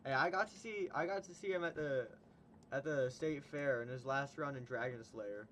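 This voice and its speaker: A man's voice: mid-range voice, normal speed, fairly bright tone, a little hiss or hum. A young man hosting a casual livestream, chatting with a guest, laughing often and retelling stories. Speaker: stream host.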